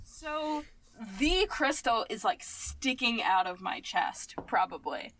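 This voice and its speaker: A woman's voice: a little high, very animated, takes it slowly, a crowd in the background, rough recording. A woman playing a tabletop game, asking questions in a hesitant, casual way. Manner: hesitant, asks many questions. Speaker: player.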